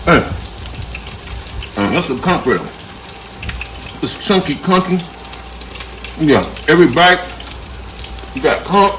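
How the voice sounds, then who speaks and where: A man's voice: on the high side, big pitch swings, slow, long pauses. A man hosting a casual home cooking video, talking folksy and playful to the viewer while he works in his kitchen. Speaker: home cook and channel host. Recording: loud kitchen noise behind voice. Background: sizzling frying and clattering pots.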